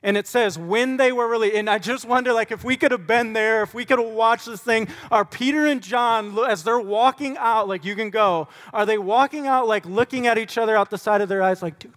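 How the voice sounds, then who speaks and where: A man's voice: very high-pitched, fairly quick, hardly any pauses, fairly bright tone. A man preaching in a church, praying earnestly and then teaching in a casual, conversational way with frequent fillers. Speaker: pastor. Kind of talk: sermon. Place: church sanctuary.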